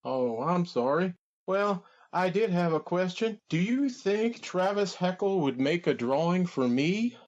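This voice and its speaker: A man's voice: sits high, animated, unhurried, dull audio. A man doing an impression of a rambling old wrestler with a folksy drawl, on a comedy podcast.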